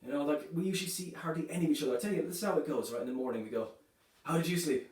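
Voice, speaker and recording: Man doing dark deadpan stand-up, echoey. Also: fairly high pitch, very fast. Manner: dark deadpan jokes, conversational with many "you know" and "right". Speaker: stand-up comedian. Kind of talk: stand-up comedy set. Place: comedy club stage. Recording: echoey room, voice from a distance.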